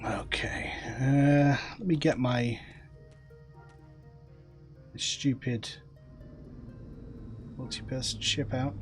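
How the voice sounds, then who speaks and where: Slow, easygoing male gaming streamer. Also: mid-range voice, soft background music. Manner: laid-back, chatty, laughs easily. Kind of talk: casual gameplay chat.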